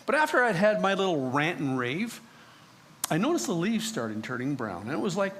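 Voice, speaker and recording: Animated, theatrical male preacher. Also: fairly high pitch, moderate pace. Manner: swings from hushed pleading to loud exasperated ranting; theatrical, speaks in character as the prophet. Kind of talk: dramatic first-person sermon retelling.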